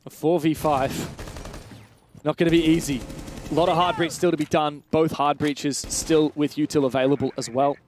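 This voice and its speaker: A man doing fast play-by-play esports commentary, building to shouts at big plays. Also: on the high side, steady tone, a little hiss or hum. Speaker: play-by-play caster.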